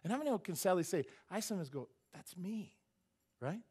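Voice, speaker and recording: A man preaching a sermon in church. He gets loud and then drops to a hush, acts out quoted voices and jokes with the congregation. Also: high voice, brisk, slightly rough. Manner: animated, swings from loud exclamations to hushed asides. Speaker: pastor. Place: church sanctuary.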